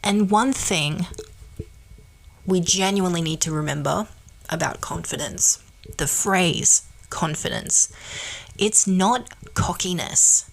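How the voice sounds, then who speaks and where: A woman hosts a podcast and delivers a motivational monologue in a low, gravelly voice. She talks bluntly and emphatically, swearing casually as she pushes her point. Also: slow, pauses often, a little hiss or hum. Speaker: podcast host.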